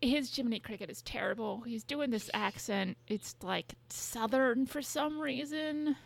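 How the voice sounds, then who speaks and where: A young woman co-hosting a podcast in casual chat, talking fast with lots of fillers and swearing. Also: on the high side, creaky. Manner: chatty, swears, many fillers. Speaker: podcast co-host.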